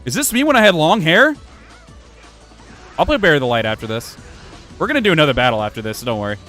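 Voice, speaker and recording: A man's voice: a little high, very animated, fast, sharp tone. A man casually commenting while he plays a video game, rambling, self-mocking and swearing freely. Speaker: gaming streamer. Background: faint music playing from his computer.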